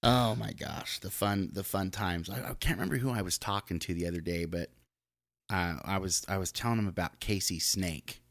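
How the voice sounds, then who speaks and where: Low-voiced man hosting a laid-back chat. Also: moderate pace, creaky, fairly bright tone. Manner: laid-back, swears casually, reminiscing. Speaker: podcast host. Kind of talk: casual chat.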